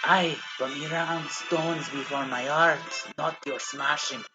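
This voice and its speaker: A man voicing a grumbling adult stone mason with a put-on Scottish accent and gruff, folksy talk. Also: on the high side, fairly even intonation, takes it slowly, over music.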